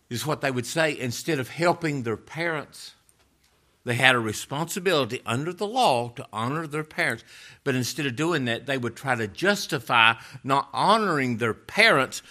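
A man preaching a sermon, reading scripture and rising to loud emphatic peaks before dropping low again. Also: lively intonation, moderate pace.

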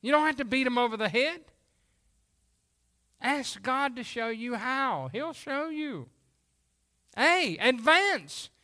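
Pastor, man, very high voice, folksy animated sermon delivery. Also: takes it slowly, pauses often.

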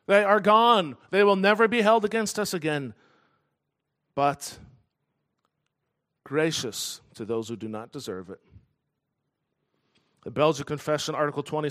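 A man preaching a sermon in an earnest, emphatic way, slowing down to stress key phrases. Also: sits high. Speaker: pastor.

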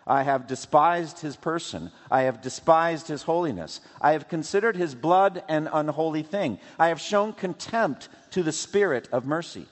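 A man voicing a despairing man shut in an iron cage, who laments slowly in a high voice. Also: lively intonation, close to an everyday voice. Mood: anguished lament. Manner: slow, wailing lament. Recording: long hall reverb.

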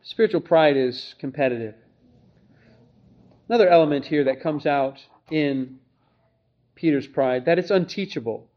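Male pastor, high voice, earnest and emphatic sermon, slightly muffled lo-fi recording. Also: animated, normal speed, pauses often. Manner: earnest, emphatic, rhetorical questions. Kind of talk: expository sermon.

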